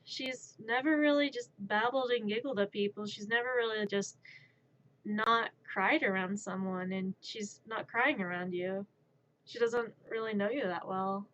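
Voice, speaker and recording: A woman's voice: mid-range voice, measured pace, a bit bright, lightly acted. A woman quoting a young mother, plainspoken and hesitant, in nearly her own voice. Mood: puzzled. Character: tired young mother, plainspoken, a bit puzzled. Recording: muffled lo-fi stream audio.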